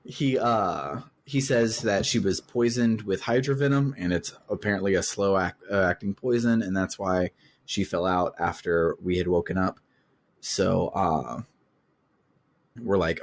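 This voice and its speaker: A man's voice: sits low, unhurried. A man hosting a casual video game discussion, laughing often and hesitating with fillers. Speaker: podcast host. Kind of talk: casual game-club chat.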